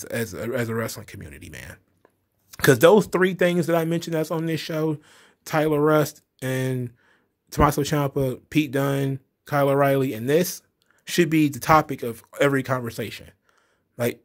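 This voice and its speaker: A man giving a casual spoken recap of a show, blunt and excitable, swearing freely and filling gaps with "you know". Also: mid-range voice. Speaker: wrestling show reviewer.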